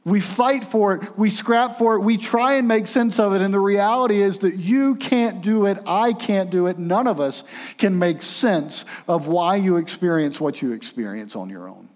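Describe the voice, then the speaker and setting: A man preaching a sermon, swinging between urgent raised passages and hushed, quiet ones. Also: high-pitched, moderate pace, big-room sound.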